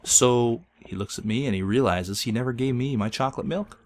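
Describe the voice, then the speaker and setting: A man hosting a gaming video, telling an absurd made-up story in a deadpan, mock-solemn way that breaks into laughter. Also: medium pitch, brisk. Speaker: Let's Play host. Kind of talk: absurd tall-tale storytelling while gaming.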